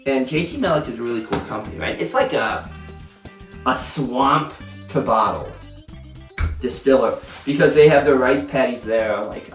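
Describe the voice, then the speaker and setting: A man's voice: medium pitch, lively intonation, a little fast, faint music behind. Rambling man reviewing whiskey. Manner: rambling storyteller, lots of fillers. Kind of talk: casual review monologue. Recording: roomy, mic at a distance.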